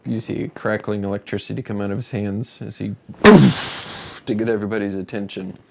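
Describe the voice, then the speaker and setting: Guy running a dnd game, low gravelly voice, takes his time. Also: little pitch movement, heavy background noise. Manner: slow, gravelly narration. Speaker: game master. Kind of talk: narrating a tabletop game.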